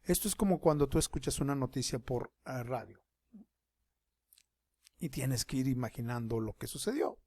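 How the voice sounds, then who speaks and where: A man teaching an online class, explaining things slowly and switching between English and Spanish. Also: mid-range voice, a little mellow, dry recording.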